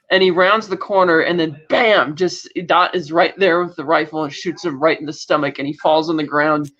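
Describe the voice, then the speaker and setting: A woman's voice: sits low, steady tone, moderate pace, few pauses, fairly bright tone. A woman co-hosting a podcast, casually recapping a TV episode and acting out lines from the scenes. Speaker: podcast co-host. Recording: dull lo-fi audio.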